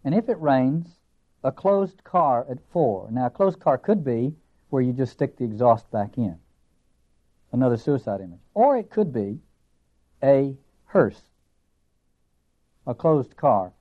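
A man with a Southern American accent giving a literature lecture, earnest and emphatic, slow and deliberate, then quick. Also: medium pitch, very animated. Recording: dull lo-fi lecture recording.

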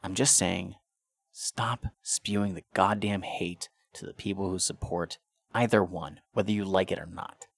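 A deep-voiced man talks through a casual podcast monologue, swearing freely and tripping over restarts as he rants. The sound is dry and close, with no room around it. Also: steady tone, measured pace, gravelly, slightly rough, dry recording. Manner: profane and ranting, with stammered restarts. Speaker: podcast host.

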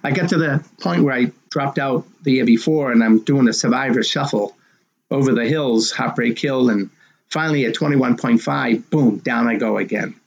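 Gravelly older guy, 60s, spinning a story in an interview, acts out all the dialogue. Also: medium pitch, normal speed, highs cut off. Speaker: race director telling his story.

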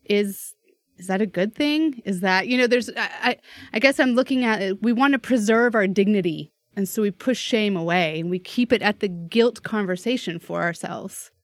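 A woman from the United States puzzles over an idea in casual conversation, thinking it through as she speaks. Her voice sits at a middle pitch and sounds dry and close. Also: moderate pace, no echo. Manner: thinking aloud, questioning. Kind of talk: casual discussion.

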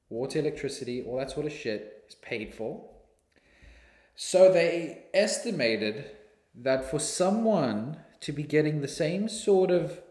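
A man with a South African accent giving an indignant, casual monologue. He swears freely and sometimes bursts into shouting. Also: mid-range voice, roomy sound.

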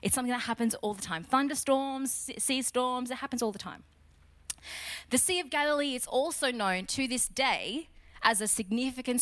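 A young woman preaching with lots of energy, her pitch swinging all over as she tells the story. She mixes casual jokes into the sermon and now and then breaks into loud, acted-out lines. Her voice sits a bit high. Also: no room sound. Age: young adult. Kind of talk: lively sermon.

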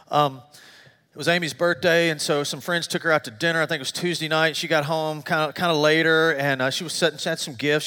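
A middle-aged male pastor preaches to a congregation, his voice sitting a little high and carrying a long reverb through the sanctuary. He tells stories with animated, self-deprecating humor, dropping quiet and low for confessional stretches. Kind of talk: sermon. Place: church sanctuary.

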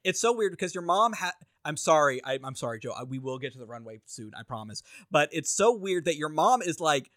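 A man's voice: a little high, very animated, brisk, hardly any pauses, fairly bright tone, no room sound, clean studio sound. Blunt, teasing male co-host. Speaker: podcast co-host. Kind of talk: casual chat, reality TV recap.

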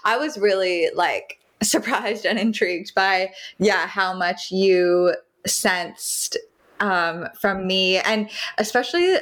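A woman's voice: mid-range voice, slow pace, fairly bright tone. A woman hosting an interview in a casual, curious and affirming way. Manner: curious, asks questions, affirming. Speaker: interviewer host.

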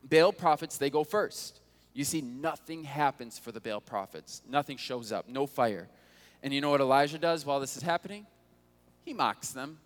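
A man's voice: medium pitch, moderate pace. Casual preacher man in an echoing hall. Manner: casual, conversational storytelling with rhetorical questions. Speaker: pastor. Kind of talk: sermon. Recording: long hall reverb.

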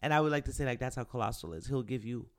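A man who makes music speaks casually in a monologue. He is candid and animated, swears freely, and acts out things his friends said. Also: medium pitch, racing. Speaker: musician, rapper.

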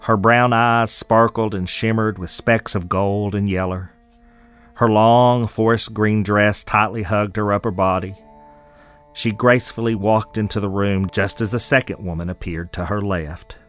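Low-voiced male storyteller. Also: steady tone, a bit bright, faint music behind. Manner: measured, descriptive storytelling. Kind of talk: scripted narration.

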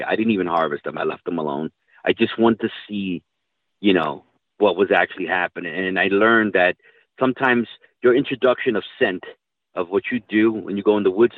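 Gruff folksy hunter on a phone line. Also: male voice, low-pitched, no room sound. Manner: rambling, swears casually, folksy. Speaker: guest hunter telling stories. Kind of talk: casual storytelling. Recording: tinny phone-line audio.

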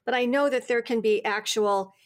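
A woman's voice: fairly high pitch, normal speed. A woman podcast host asking a guest questions, thinking aloud as she phrases them. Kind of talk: interview questions.

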